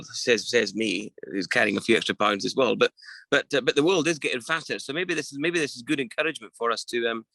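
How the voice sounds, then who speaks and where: A man's voice: mid-range voice, pushed and bright, dry recording, poor audio. A middle-aged man co-hosting a casual weekly chat show, thinking aloud with many restarts and fillers.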